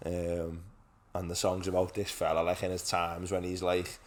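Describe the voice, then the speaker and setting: A man's voice: sits low, completely flat delivery, moderate pace. A young man in his twenties co-hosting a podcast in casual chat, swearing often and calling his friend "lad". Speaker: podcast co-host. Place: studio set with a couch.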